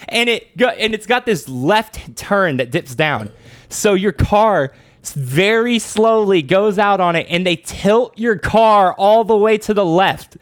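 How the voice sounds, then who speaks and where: A young man with a fairly high voice tells a story in loose, casual chat. He swears freely and laughs often as he talks. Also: animated, measured pace.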